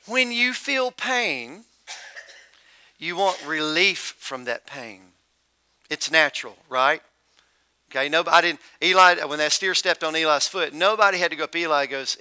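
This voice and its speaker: A man's voice: on the high side, moderate pace, sharp tone, smooth. A middle-aged male pastor preaching a sermon in a conversational, joking storytelling manner.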